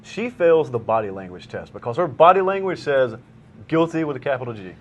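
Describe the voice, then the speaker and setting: Young male talk-show host, rapid banter, dry teasing humor, mid-pitched voice. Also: slight background noise. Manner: joking, brisk, deadpan teasing. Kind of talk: casual talk show hosting.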